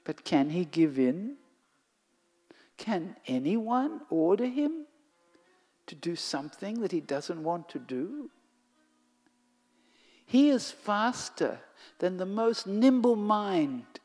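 Slow devotional storyteller in a reverberant hall. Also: medium pitch. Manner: slow and expressive, sinking to a whisper at times. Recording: long hall reverb, faint music.

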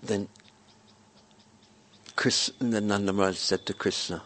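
A man telling a devotional story in a gentle, repetitive storytelling manner. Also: fairly low pitch, fairly even intonation, measured pace, pauses often, a little hiss or hum.

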